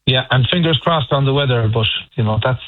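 A man who plays in a band, chatting casually in a radio interview and telling stories with halting restarts, heard over a phone line. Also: medium pitch, no room sound. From Ireland. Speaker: band member guest.

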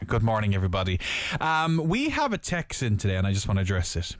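Excitable Irish radio host man. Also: fairly low pitch, quick pace, soft background music. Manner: excitable, laughing banter. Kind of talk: casual chat.

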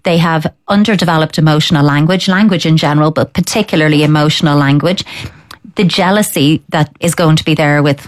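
A woman, calmly and firmly giving parenting advice to listeners, often voicing a child's thoughts. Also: low-pitched, brisk. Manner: calm, firm, explains with acted-out child thoughts. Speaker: parenting expert answering listener letters. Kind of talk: advice on a radio or podcast show.

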